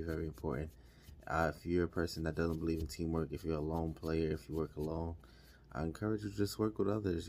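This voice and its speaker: Deep-voiced man giving a pep talk. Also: darkish tone. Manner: repetitive, casual, encouraging. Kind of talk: motivational monologue.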